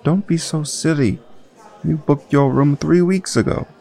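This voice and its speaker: A man's voice: on the high side, unhurried, gravelly, dark tone, soft background music, voice pushed up. A man voicing a friendly male hotel desk clerk with a nasal voice, a faint French accent and showy, eager politeness.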